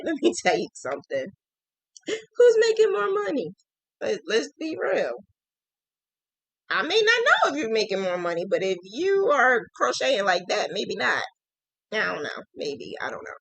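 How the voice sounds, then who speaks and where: Bright-voiced woman, effusive livestream host. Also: on the high side, huge pitch swings, unhurried, creaky, dry recording. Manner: gushing, effusive thanks to viewers. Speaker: host of a crochet business livestream. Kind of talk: casual live-stream chat.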